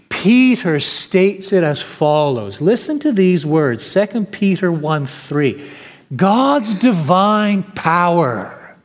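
A man preaching a sermon with emphatic, declaiming delivery, now and then mimicking whiny complainers. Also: on the high side. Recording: long hall reverb.

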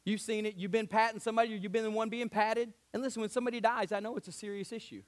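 A man's voice: high-pitched, steady tone, very fast. A middle-aged pastor, preaching an emotional, passionate sermon to his church.

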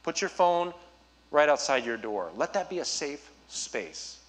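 A man preaching as a youth pastor, urging his listeners directly with an earnest, personal manner and quick asides. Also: a little high, lively intonation, a bit bright. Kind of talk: sermon.

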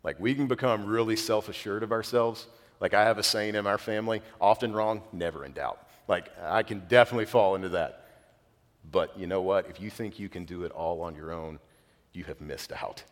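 In a church sanctuary, where the sound carries a large hall's long reverb, a man preaches to his congregation. He's earnest and conversational, slipping in casual fillers, and speaks fairly quickly in a voice on the low side.

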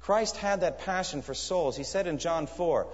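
Earnest preacher in an echoey hall. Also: male voice, a little high, moderate pace. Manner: earnest, emphatic preaching with searching questions. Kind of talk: sermon. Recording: echoey hall, dull lo-fi sound.

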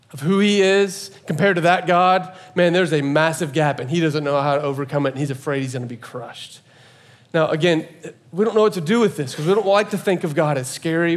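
A man preaching a sermon, talking casually with jokes to the congregation and building to loud emphatic peaks. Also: a little high. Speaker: pastor.

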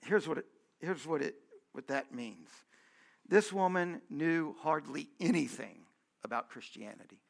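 A pastor preaching a sermon, earnest and conversational, repeating phrases for emphasis. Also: male voice, fairly high pitch, animated, measured pace, gravelly.

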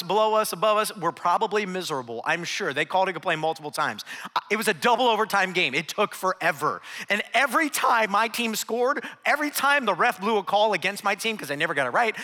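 A middle-aged man preaching a sermon, telling humorous stories and tossing asides to the congregation. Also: high voice. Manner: humorous, animated storytelling with crowd asides. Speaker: pastor. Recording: long reverb of a large hall.

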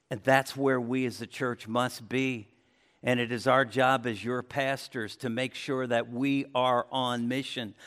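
Guy pastor giving a sermon in church, chatty but gets loud n emphatic. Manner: conversational preaching, lively swings in pitch and loudness. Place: church sanctuary.

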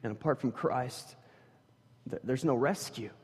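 A man preaching a sermon as pastor, animated, swinging from loud emphasis to hushed intensity, with joking story asides. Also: mid-range voice, unhurried, breathy edge, long reverb tail. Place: church sanctuary.

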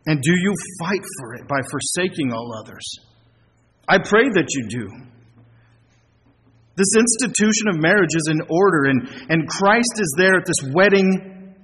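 A middle-aged pastor preaches with earnest conviction, throwing rhetorical questions at his listeners and slowing down to stress key words. His voice sits fairly high for a man. A long reverb trails his words through the church, with a faint hiss underneath. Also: lively intonation, a bit bright. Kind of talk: sermon.

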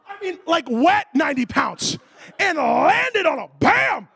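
A man preaching a sermon, telling a comic story with animated delivery and shouted sound effects. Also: very high voice, measured pace, vocal fry, no room sound.

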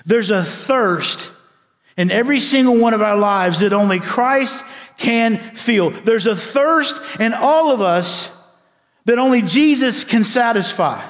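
A man preaching a sermon as a pastor, swinging between loud emphasis and hushed, quiet passages. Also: very high-pitched, expressive, measured pace, big-room sound.

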